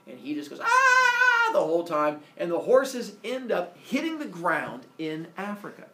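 A male teacher retelling a myth to his class in a playful, animated storytelling style, with asides to the students. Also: fairly high pitch, moderate pace. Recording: echoey room, far from the mic.

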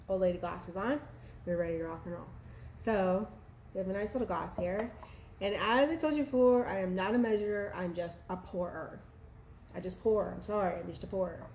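A woman's voice: medium pitch, darkish tone, slight background noise. A woman from Texas, chatting playfully and laughing at herself while she mixes a drink at home for her vlog. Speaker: vlogger. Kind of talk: casual cocktail how-to vlog. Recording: echoey room with faint ambience.

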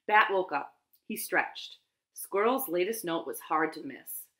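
Animated woman reading a storybook to kids. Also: lowish voice. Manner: animated, slow and expressive. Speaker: children's storytime host. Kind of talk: reading aloud to young children. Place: living room.

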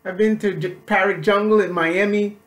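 A male comedian talking casually to his viewers, rambling and repeating himself with halting restarts. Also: high-pitched, fairly even intonation, a bit bright, echoey room. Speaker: comedian and vlogger. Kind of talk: casual chat to camera.

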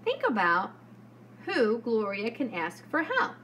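A woman preschool teacher leads a lesson for small children. She speaks slowly and clearly in a bright, sing-song tone, her fairly high voice rising and falling as she talks. A faint hum sits behind her. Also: wildly swooping pitch.

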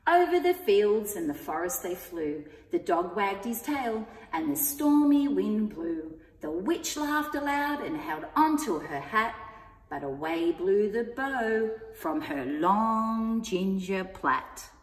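A woman reading a rhyming picture book aloud to children, expressive and sing-song. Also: medium pitch, slow pace. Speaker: story time reader. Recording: echoey room with long reverb.

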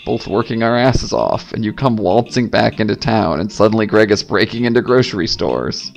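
Man voicing a steady young male bear, measured, low, gravelly. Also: soft background music. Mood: stern. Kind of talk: fan voice-over of a game.

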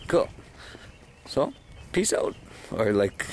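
A drunk man from Canada talks into his camera as he trudges home outdoors at night, sighing and cursing in a loose, rambling way. His voice sits low. Faint outdoor ambience with birds hums behind him. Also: big pitch swings, takes it slowly, vocal fry, slight background noise. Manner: slurry, sighing, swearing constantly. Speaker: vlogger.

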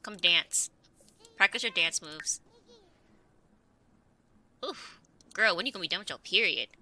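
Talking back to on-screen characters, this woman offers chatty gameplay commentary and gets exasperated easily. Her lowish voice is bright and forceful, with lively intonation and a slightly slow pace, as she plays through a let's play.

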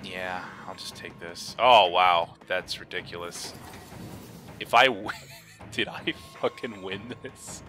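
A young man giving casual, excitable commentary on his own card game, swinging from low mutters to high yelps, laughing and swearing. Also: slow, faint music behind. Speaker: gaming video host.

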